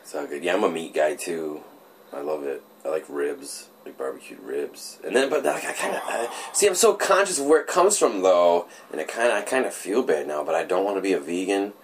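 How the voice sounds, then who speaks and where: A man's voice: deep voice, lively intonation, fairly quick, a little hiss or hum. A man in casual conversation, laid-back, swearing freely and laughing often. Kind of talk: casual chat.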